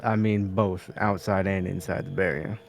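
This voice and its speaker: A man playing a tabletop game, talking in a low, cautious way. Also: little pitch movement, moderate pace, gravelly. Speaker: player. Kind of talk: casual game chat.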